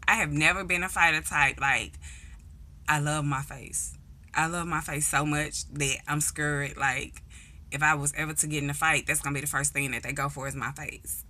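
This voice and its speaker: A young woman with a St. tells stories to her vlog in a bright, slightly low voice. She is blunt and profane, and she animates her stories by acting out the people she quotes. Her delivery is casual and unscripted. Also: fairly even intonation, normal speed. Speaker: vlogger. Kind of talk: casual storytelling monologue.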